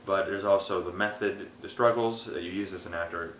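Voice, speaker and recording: A young man with a low, bright voice talks through his acting life in a casual interview. He tells his stories with animation and acts out the people in them. The recording has a roomy echo. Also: a little fast, a little hiss or hum. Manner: animated storyteller, acts out quotes. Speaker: aspiring actor being interviewed.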